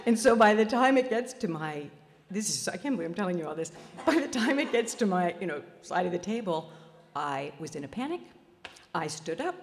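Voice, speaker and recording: Telling a personal tale at a festival, this woman, a spiritual healer, is warm and self-deprecating, often laughing at her own expense. She speaks at normal speed with a fairly high, very animated voice, and a long reverb follows her words.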